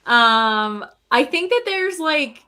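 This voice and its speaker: A woman's voice: high voice, lively intonation, takes it slowly, noisy background. A woman in casual chat, giving frank opinions and thinking aloud with hedges.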